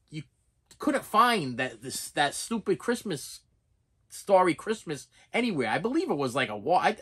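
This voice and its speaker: A man's voice: a little high, a bit bright, slightly rough. A man with a Boston accent, rambling casually through an unboxing vlog and often stumbling over his words. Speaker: collector showing his purchases.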